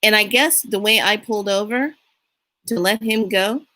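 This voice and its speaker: A middle-aged woman telling a story in a casual monologue, unhurried and animated, acting out what people said. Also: mid-range voice. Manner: unhurried, animated retelling with acted-out quotes. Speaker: spiritual reader and vlogger.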